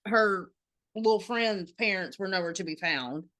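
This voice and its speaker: Bright, animated woman telling a story. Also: medium pitch, moderate pace. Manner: animated storyteller, acts out quotes, swears freely. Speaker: podcast co-host. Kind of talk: casual storytelling chat.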